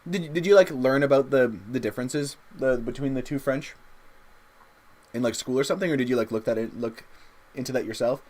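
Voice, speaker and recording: A young man, chatting casually and haltingly with viewers while drawing on a livestream. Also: mid-range voice, a little mellow. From Canada. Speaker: streamer drawing live.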